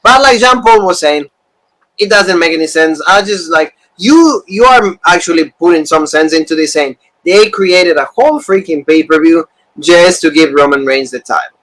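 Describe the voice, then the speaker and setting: High-voiced man ranting about wrestling. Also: moderate pace, rough recording. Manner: animated, repetitive, rants with fillers. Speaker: podcast co-host. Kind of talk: casual wrestling review chat.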